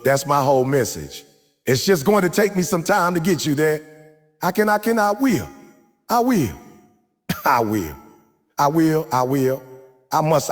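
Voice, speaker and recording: A man giving a live motivational speech to a crowd in a large hall, preaching and leading the audience in call-and-response chants. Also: on the high side. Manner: forceful, repetitive exhortation. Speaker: motivational speaker. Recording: long hall reverb with faint music.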